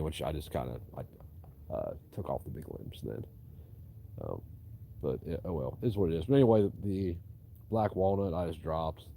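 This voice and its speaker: Deep-voiced profane man. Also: warm tone, a little hiss or hum. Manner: profane, rambling, drawling storyteller. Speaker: tree cutter vlogging. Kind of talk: casual rambling monologue.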